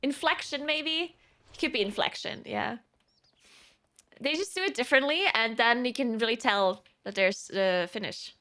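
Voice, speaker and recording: A woman streamer with a bright, somewhat high voice chats casually. She rambles from one thought to the next, with frequent laughter and filler words. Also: moderate pace. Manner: chatty and rambling, laughing often.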